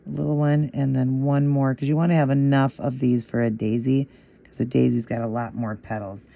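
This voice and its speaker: Gravelly, mellow-voiced man teaching patiently. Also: medium pitch, level tone, moderate pace, highs cut off. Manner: patient, repeats instructions rhythmically; encouraging. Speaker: nail art tutorial host. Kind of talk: casual step-by-step tutorial narration.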